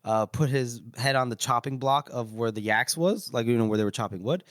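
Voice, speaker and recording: A man's voice: medium pitch, a little fast, fairly bright tone, dry recording, clean studio sound. A man casually retelling a story on a podcast in a loose, rambling way, with crude swearing. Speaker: podcast co-host recapping chapters.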